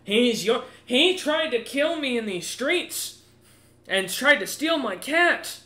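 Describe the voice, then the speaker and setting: A pompous dragonkin noble, as a man puts him on shrieks his complaints far above a normal speaking pitch. He drags out his words in loud indignation. The room around him rings with echo. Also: animated, slow, full character voice. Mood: outraged. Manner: shrill, outraged and whiny. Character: haughty male dragonkin noble, shrill and indignant.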